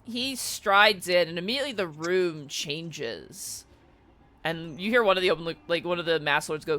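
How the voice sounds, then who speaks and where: A man narrating as dungeon master in a tabletop game, telling the story in an animated way and giving the characters voices. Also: fairly high pitch, normal speed.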